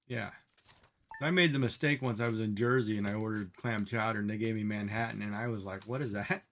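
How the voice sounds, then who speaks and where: A Canadian man chats casually with his livestream viewers as he plays a game, thinking out loud about food. His voice is fairly low and a bit bright, with a fairly even intonation and a slightly quick pace.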